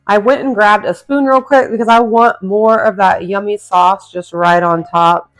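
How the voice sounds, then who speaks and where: A woman's voice: mid-range voice, steady tone, moderate pace, soft background music. A woman hosting a home cooking video, chatty and enthusiastic, talking straight to her viewers as she cooks. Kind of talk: casual cooking demonstration. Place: home kitchen.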